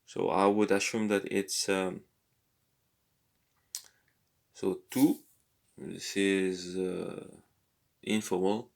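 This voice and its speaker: Guy going thru a language lesson out loud, low voice, slow, lots of pauses and uhs. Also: level tone, creaky. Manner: hesitant, thinking aloud with many pauses and repeats; slowly sounds out foreign words. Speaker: language lesson vlogger working through exercises. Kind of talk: casual think-aloud tutorial.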